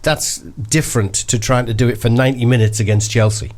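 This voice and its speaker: A man's voice: mid-range voice, fairly even intonation, a little fast, darkish tone. A man hosting a football podcast, chatty and enthusiastic, with plenty of fillers. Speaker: podcast host. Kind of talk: casual football chat.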